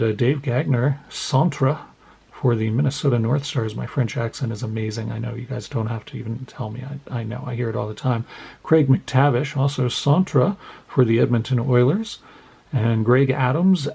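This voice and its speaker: A man's voice: mid-range voice, gravelly, darkish tone, a little hiss or hum, poor audio. A man hosting a card collecting channel, chatting casually and self-deprecatingly as he opens packs and reads out the cards. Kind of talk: casual pack-opening commentary.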